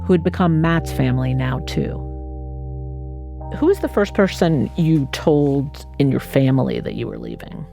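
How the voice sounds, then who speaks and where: A woman narrates a documentary in a calm, measured tone. Her voice is low and mellow. Faint music plays under her. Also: vocal fry.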